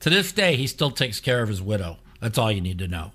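A man's voice: lowish voice, sing-song, a bit bright. A man hosting a radio talk show, chatting casually and jumping in eagerly. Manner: quick, eager, jumps in.

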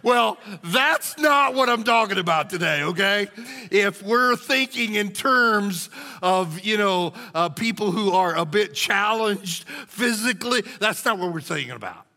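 A male pastor preaching a sermon in a church, folksy and conversational, his voice a bit hoarse. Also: high voice, lively intonation, unhurried, sharp tone. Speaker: lead pastor. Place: church sanctuary. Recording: long reverb of a church hall.

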